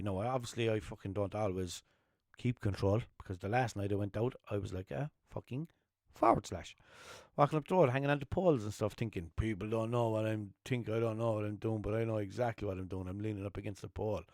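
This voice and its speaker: A young man from Limerick with an Irish accent, hosting a podcast as a rambling, swearing casual storyteller who keeps jumping into animated quotes. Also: medium pitch, dry recording, studio quality. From Limerick, Ireland. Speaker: podcast host.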